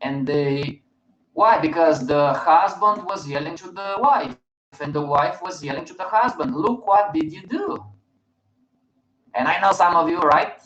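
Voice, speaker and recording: A man's voice: fairly high pitch, moderate pace, fairly bright tone. A man hosting a live webinar, speaking emphatically and often checking in with his listeners. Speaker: host, market educator. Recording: roomy, dull stream audio.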